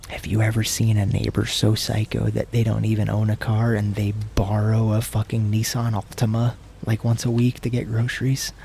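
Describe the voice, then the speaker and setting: In a dark, creaky monotone at a moderate pace, an American man livestreams a game with few pauses and slight background noise. The talk is casual, rambling, and profane, and he slips into low murmurs and whispers now and then.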